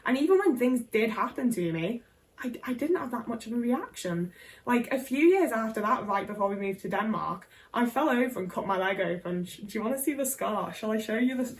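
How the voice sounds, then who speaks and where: A woman's voice: on the high side, lively intonation, a little fast, distant mic, poor audio. A young English woman vlogger telling a personal story to camera, candid and sweary, with lots of "like".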